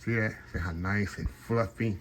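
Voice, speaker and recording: A middle-aged man and kitchen manager chatting excitedly in a casual cooking vlog, talking to viewers from his kitchen while the camera sits on a tripod. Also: fairly low pitch, normal speed, heavy background noise. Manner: chatty and excited, keeps addressing viewers as y'all. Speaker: home cook and kitchen manager. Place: home kitchen, indoors.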